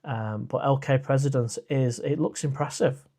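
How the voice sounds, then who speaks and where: A man's voice: mid-range voice, normal speed, mellow. A man hosting a casual live stream. He reads out viewer comments and chats back in a rambling way, with plenty of "uh" and restarts. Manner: chatty and rambling, with frequent "uh" and restarts.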